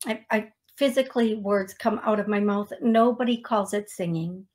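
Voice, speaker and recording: A woman's voice: mid-range voice, a little mellow. A woman hosting a psychic medium live stream, chatting with viewers and calling out names and songs in a casual, self-deprecating way. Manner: slow, chatty, self-deprecating with small laughs. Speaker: psychic medium show host. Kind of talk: live-stream talk show, reading out names.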